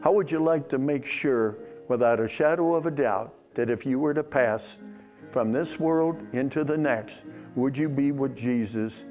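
A male pastor preaching a sermon, calling for replies from the congregation and swinging between loud emphatic lines and quiet low ones. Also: measured pace, faint music behind.

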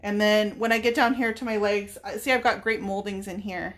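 A chatty woman paints furniture on camera in a casual live demo, thinking aloud as she works and turning tearful at times. Her voice is medium-pitched with fairly even intonation, and she talks a little fast.

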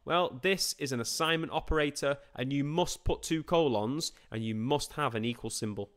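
A man teaching a computer science revision class over a live stream, with a voice of middling pitch. He talks in a chatty, informal way, throwing questions at his listeners and answering them himself. Now and then he slips into playful put-on voices and quick asides. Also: fairly bright tone.

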